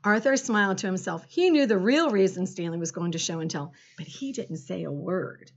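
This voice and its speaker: A woman reading a children's storybook aloud in an expressive way. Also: on the low side, moderate pace. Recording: dull lo-fi recording.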